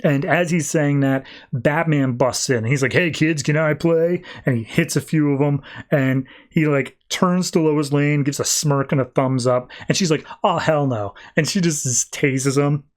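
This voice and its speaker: A man hosting a podcast, recapping a comic in an animated, casual way. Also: a little high, moderate pace, hardly any pauses. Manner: animated, acts out characters. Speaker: podcast host.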